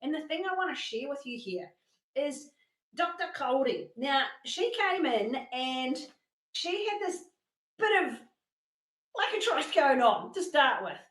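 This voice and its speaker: Lady giving a motivational workshop talk, fairly high voice, roomy echo, tells stories with lots of energy. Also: a little slow. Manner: animated storytelling with acted-out quotes. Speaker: workshop presenter.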